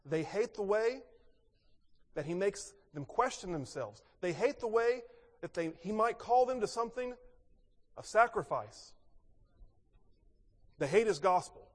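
A man with a high-pitched voice delivers a sermon, posing rhetorical questions and swinging from emphatic to hushed. His voice carries a long reverb, as if from a large hall. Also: measured pace, long pauses. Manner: expressive, rhetorical questions, swings between loud and soft. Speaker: pastor.

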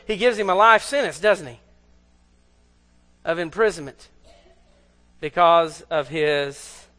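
In a large hall, a man with a high, slightly bright voice preaches a sermon conversationally. He frequently puts rhetorical questions to his listeners.

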